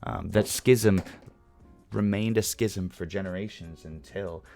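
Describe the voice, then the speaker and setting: Deep-voiced chatty male streamer. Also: steady tone, unhurried, gravelly, warm tone, soft background music. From California. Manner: chatty, jokey, explains while working. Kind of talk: casual livestream chat.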